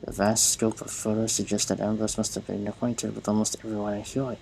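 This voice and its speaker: A man's voice: lowish voice, completely flat delivery, fairly quick, vocal fry, darkish tone, faint music behind, rough recording. A man playing a game and reading its text aloud in a casual way, often stumbling and restarting words. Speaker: gamer.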